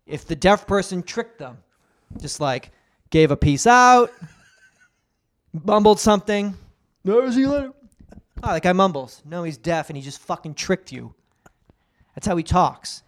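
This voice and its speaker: A man co-hosting a comedy podcast, ranting crudely with lots of swearing. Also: lively intonation. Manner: profane, ranting, rapid swings in pitch. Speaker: podcast co-host.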